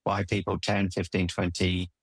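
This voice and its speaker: A man's voice: sits low, completely flat delivery, moderate pace, breathy edge, dry recording. A middle-aged man, a relationship coach, telling personal stories in an earnest, emphatic way with frequent restarts. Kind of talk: conversational storytelling interview.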